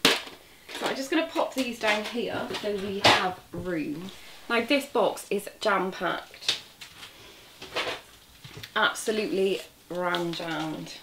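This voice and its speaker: A woman's voice: mid-range voice, slow pace, pauses often, very noisy. Gushing woman, roomy and far. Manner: excitable, gushing, chatty. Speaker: crochet vlogger. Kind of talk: casual unboxing chat. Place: indoor room at a table. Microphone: camera set back from her.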